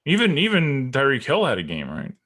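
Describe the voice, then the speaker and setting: A man, co-hosting a casual sports podcast, telling stories in an animated way and laughing often. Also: mid-range voice, fairly quick. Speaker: co-host.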